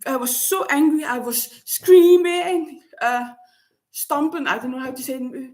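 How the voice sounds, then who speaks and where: Halting woman, slightly high. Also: darkish tone. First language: Dutch. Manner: halting, searching for words with frequent restarts. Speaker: vlogger. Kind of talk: personal reflective monologue.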